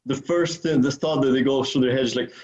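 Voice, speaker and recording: A man's voice: medium pitch, steady tone, fairly quick, a little mellow, dull audio. A man co-hosting a podcast in casual, profane chat, full of filler words. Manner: rambling, profane, many "like"s. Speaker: podcast co-host.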